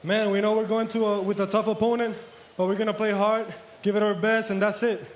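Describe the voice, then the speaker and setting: A man's voice: high voice, flat delivery, fairly quick, slight background noise. A basketball player from Puerto Rico, a man giving short, humble, plain-spoken answers in a post-game interview in an arena. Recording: echoey arena sound, off-mic.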